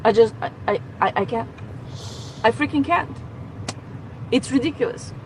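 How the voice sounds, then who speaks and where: A woman's voice: fairly high pitch, lively intonation, normal speed, a little mellow, slight background noise, rough recording. A woman ranting into her phone camera from inside a car, exasperated and swearing. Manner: exasperated, swearing, rising to outbursts. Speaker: nail tech venting as a customer. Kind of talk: casual rant to phone camera.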